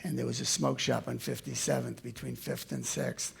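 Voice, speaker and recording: A man in his seventies with a gravelly voice, telling his life story to an audience in an animated way that swings from loud to hushed. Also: mid-range voice, normal speed. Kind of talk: storytelling talk.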